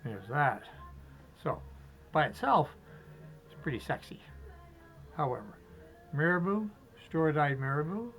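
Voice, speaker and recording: A man's voice: on the high side, sing-song, a little slow, pauses often, fairly bright tone, faint music behind, rough recording. Chatty man tying flies. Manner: chatty, talks to himself while working, chuckles. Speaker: fly-tying instructor. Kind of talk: casual step-by-step demonstration.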